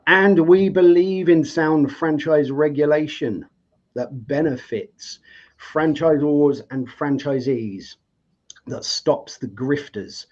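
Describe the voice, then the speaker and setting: A man's voice: on the high side, takes it slowly, darkish tone. Upbeat male show host. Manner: enthusiastic, lots of fillers and restarts. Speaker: host of a live debate show. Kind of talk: live online show hosting. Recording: slightly dull lo-fi audio.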